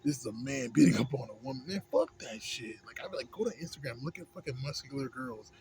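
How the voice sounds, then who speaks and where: A young American man vents in a loose, profane monologue, full of slang and "you know what I'm saying." His voice sits at an ordinary middle pitch and drops to a mumble, then rises in heated bursts. A steady hum of noise runs under the home recording. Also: fast, gravelly. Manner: swings between mumbling low and loud heated outbursts. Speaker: vlogger. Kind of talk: casual profane rant. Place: indoors at home, smoking a pipe.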